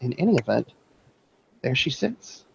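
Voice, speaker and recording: A player narrating her character in a tabletop role-play session, in a relaxed, halting way with fillers. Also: very deep voice, creaky, a little hiss or hum. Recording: dull lo-fi recording.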